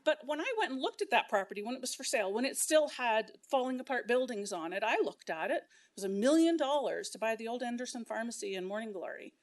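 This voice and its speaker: Woman, middle-aged, shop owner, indignant public comment, fairly high voice. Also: animated, fast, few pauses. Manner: impassioned, indignant, speaking in bursts. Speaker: local business owner giving public comment. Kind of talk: public comment at a council meeting.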